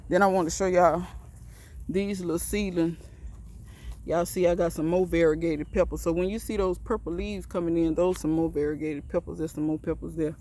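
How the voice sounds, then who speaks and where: In a casual walk-and-talk video shot on a handheld phone, a woman rambles folksily to her viewers while showing off her backyard garden and greenhouse. She has a fairly low, warm, steady voice and speaks at a moderate pace.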